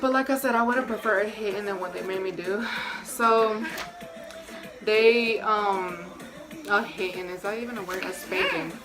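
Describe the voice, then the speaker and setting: A young woman telling a storytime vlog in a chatty, slangy way, talking right to her viewers. Her voice sits at an ordinary middle pitch. Music plays clearly behind her. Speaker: vlogger.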